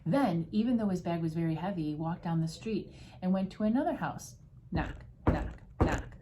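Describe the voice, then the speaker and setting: A woman from a school staff reading a Halloween storybook aloud with an expressive delivery. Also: on the low side, a little fast, background noise.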